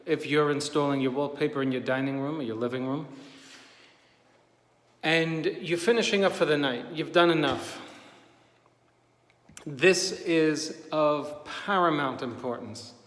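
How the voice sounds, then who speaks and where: A man's voice: a little high, measured pace, pauses often, a bit bright. A man who hangs wallpaper for a living, giving an emphatic, repetitive on-the-job tutorial in a room of a house. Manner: emphatic, direct, repeats himself for emphasis. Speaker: wallpaper installer and painter. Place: room in a house being papered. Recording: echoey empty room with long reverb.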